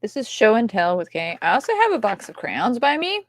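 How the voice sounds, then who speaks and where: A woman co-hosting a casual livestream chat, playful, sometimes dropping into soft whispers as she shows off her toys. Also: mid-range voice, big pitch swings, brisk, no echo. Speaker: co-host.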